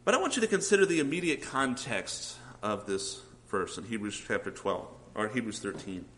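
A man's voice: fairly low pitch, animated, moderate pace, a bit bright, rough recording. A man preaching a sermon, earnestly putting questions to his listeners. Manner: earnest, asks the congregation questions.

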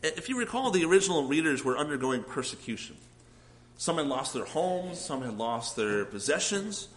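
Earnest preacher man, lively pitch. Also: moderate pace, a little hiss or hum, rough recording. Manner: earnest, asks the congregation questions. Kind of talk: sermon.

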